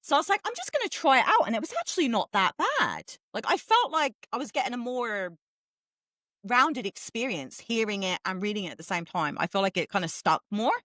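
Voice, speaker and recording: Give me a fast-talking middle-aged woman from England chatting on a podcast with a lively, swooping voice. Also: medium pitch, no echo. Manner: fast-talking, animated, swears freely. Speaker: podcast co-host. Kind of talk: casual chat.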